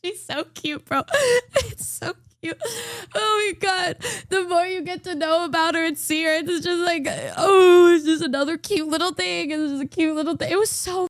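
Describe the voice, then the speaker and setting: A woman's voice: very high-pitched, steady tone, moderate pace, no echo, clean studio sound. A woman streamer chatting casually while reacting to clips, teasing, giggly and swearing freely. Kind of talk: casual chat.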